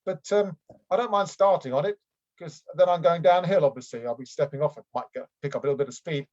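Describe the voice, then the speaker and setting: A flustered aristocrat who rambles, hesitates and trips over his own sentences, as a man improvises him. His voice sits a little high. It comes through a muffled, lo-fi video-call line. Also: fast, darkish tone, natural voice. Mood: bumbling. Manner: rambling, hesitant, full of ums and restarts. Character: bumbling middle-aged male aristocrat, flustered and unfit. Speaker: improv performer. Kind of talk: improvised comedy scene. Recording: dull lo-fi video call audio.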